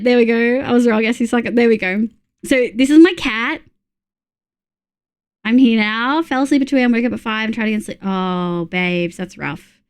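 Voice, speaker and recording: A chatty Australian woman talks through her live stream in a loose, rambling way. She often stops and restarts her sentences and fills pauses. Her voice sits a little high. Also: darkish tone. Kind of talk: casual live-stream commentary while gaming.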